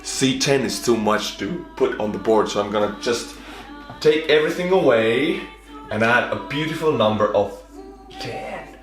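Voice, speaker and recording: A man with an Estonian accent hosting a reaction video, talking bluntly and joking, with sudden excited shouts. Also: medium pitch, unhurried, echoey room, faint music behind. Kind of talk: casual reaction commentary.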